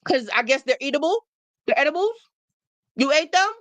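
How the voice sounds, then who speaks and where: A woman's voice: sits high, animated, brisk, a bit bright, no echo. A woman hosting a live stream, talking in an emphatic, preachy way and repeating phrases for effect. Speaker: livestream host. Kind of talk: motivational live talk to viewers.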